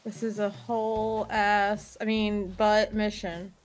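A woman's voice: mid-range voice, flat delivery, takes it slowly. A young woman chatting playfully on a live game stream, joking and giggling. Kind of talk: casual live-stream chat while gaming.

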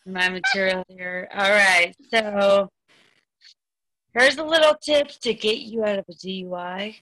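Deadpan bright-voiced woman comedian. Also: medium pitch, unhurried, no room sound, poor audio. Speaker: comedian guest. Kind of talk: deadpan stand-up bit on a video call.

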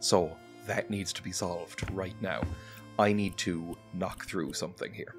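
Male streamer, low-pitched, rambling and self-mocking, game music clearly behind him. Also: fairly even intonation, a little slow. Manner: rambling, self-deprecating, chatty with frequent laughs. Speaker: gaming channel host. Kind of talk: casual let's-play commentary. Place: home streaming setup. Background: game music playing clearly.

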